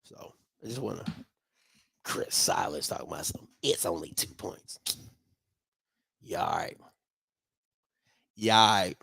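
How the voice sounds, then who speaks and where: A man's voice: low voice, huge pitch swings, unhurried, vocal fry, long pauses, pushed and bright, breathy edge, no echo. A man hosting a live watch party, reacting heatedly to a football game and arguing with his chat. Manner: heated, ranting, swears, mocks chat.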